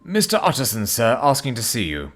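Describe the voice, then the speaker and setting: A man voicing an anxious, loyal older male butler who speaks in an urgent, hushed and fearful way. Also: medium pitch, wildly swooping pitch, a little fast.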